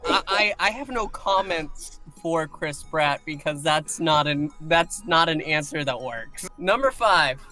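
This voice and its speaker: A man co-hosting a casual podcast chat, weighing his opinions slowly with many fillers and restarts. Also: a little high, lively intonation, sharp tone, soft background music. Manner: measured, hesitant, with many fillers. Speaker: podcast co-host.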